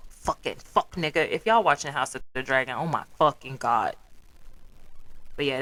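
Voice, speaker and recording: Blunt, profane Chicago woman ranting. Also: low-pitched. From South Side of Chicago. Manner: profane, blunt, animated storytelling with put-on quotes. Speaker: podcast host. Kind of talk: casual solo rant.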